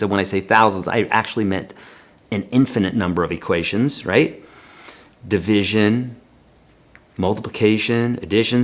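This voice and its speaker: A man teaching a live-streamed guitar lesson, counting beats aloud in a chatty, encouraging way. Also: mid-range voice.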